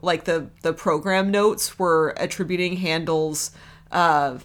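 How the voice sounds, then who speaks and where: A woman's voice: low-pitched, fairly even intonation, slow. A woman co-hosting a podcast in casual, rambling chat with frequent restarts. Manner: rambling, with many restarts and fillers. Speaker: podcast co-host.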